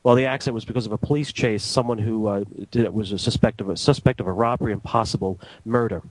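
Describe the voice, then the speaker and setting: A man working as a radio transmitter engineer, telling anecdotes in a casual, animated way and acting out the dialogue. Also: lowish voice, fast, no room sound, rough recording. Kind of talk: casual storytelling.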